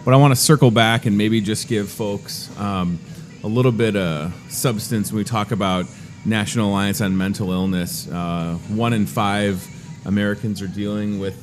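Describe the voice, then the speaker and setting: Soft music plays behind this man's fairly low voice as he speaks at a moderate pace with fairly even intonation. He's in his thirties, hosting a live grocery store segment where he chats with a guest and makes self-deprecating jokes.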